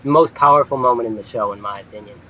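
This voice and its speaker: A man's voice: mid-range voice, fast, bright, forceful tone, low-quality recording. A young man, a guest on an online chat show, giving brief, modest, easygoing answers. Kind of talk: casual interview answers.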